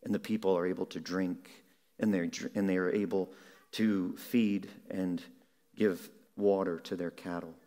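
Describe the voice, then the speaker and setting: A man delivers a sermon at an unhurried pace, drawing out key words for weight. His voice sits somewhat low and stays measured throughout. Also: fairly even intonation, dark tone. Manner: measured, slows down for emphasis. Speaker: preacher.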